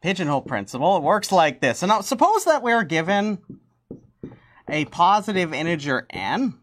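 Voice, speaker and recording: A woman teaching a math lesson in a loose, chatty way, with a somewhat low voice that swings up and down a lot as she talks. She laughs easily and gets carried away with excitement, and the talk stays informal throughout. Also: moderate pace, a little hiss or hum. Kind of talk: casual math lesson with props.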